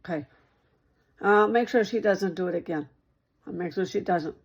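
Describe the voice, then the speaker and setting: A woman's voice: on the low side, normal speed, breathy edge, dull audio. A woman talking straight to one listener in a rambling monologue, repeating herself and circling back over the same points.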